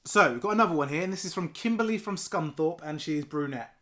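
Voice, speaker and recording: A man on a casual podcast reads listener questions aloud in a relaxed, chatty way. His voice sits a little higher than most men's. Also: fast talker. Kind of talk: casual chat.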